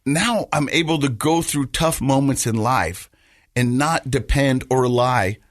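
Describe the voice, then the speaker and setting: A male podcast host telling a personal story in casual conversation, haltingly, often repeating words as he goes. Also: mid-range voice, dry recording, clean studio sound. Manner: halting, repeats words while telling, laughs through lighter moments.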